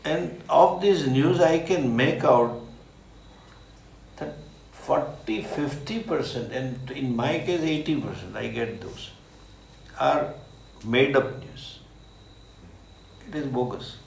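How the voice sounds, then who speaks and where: Indian man with a gravelly voice. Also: medium pitch. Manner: slow, animated, laughing asides. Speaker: swami answering questions. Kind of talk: Q&A talk. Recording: echoey room with faint ambience.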